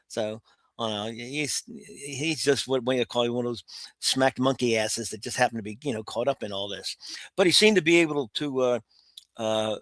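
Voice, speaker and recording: A man's voice: mid-range voice, fairly bright tone, dry recording. Older man telling a war story, blunt. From United States. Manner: vivid, blunt war storytelling with frequent restarts. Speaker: guest. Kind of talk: storytelling interview.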